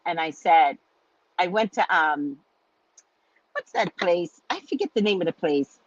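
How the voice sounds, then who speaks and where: A woman's voice: fairly low pitch, measured pace, no echo, dull audio. A middle-aged woman, a psychic host, telling a personal story in a chatty monologue and acting out the voices of the people in it. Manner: animated, acts out quoted voices, chatty asides like "right?".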